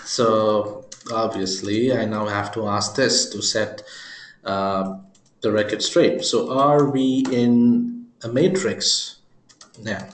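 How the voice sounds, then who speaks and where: A man giving a screen-recorded software demo, talking his viewers through it with joking, chuckling asides. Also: lowish voice, fairly even intonation, slow, roomy sound. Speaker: software presenter.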